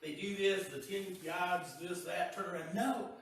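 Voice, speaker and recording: A man's voice: high-pitched, fairly even intonation, measured pace, a bit bright, a little hiss or hum. A male pastor preaching a sermon in a folksy, conversational way, often repeating words. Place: church sanctuary. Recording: echoey church heard from a distance.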